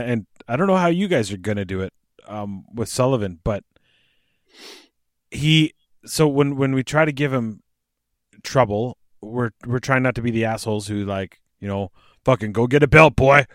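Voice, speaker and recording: A man's voice: medium pitch, no echo, studio quality. A man in his thirties with a Canadian accent, hosting a casual podcast chat, chatty and profane. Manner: chatty, profane, prone to laughing. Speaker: podcast host.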